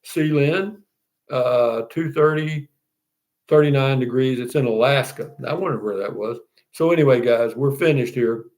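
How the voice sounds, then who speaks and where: Mid-range and darkish in tone, this older Texan man's voice moves at a measured pace. He chats through a casual live stream, reading viewer comments, rambling folksily, restarting often and repeating "you know what I mean."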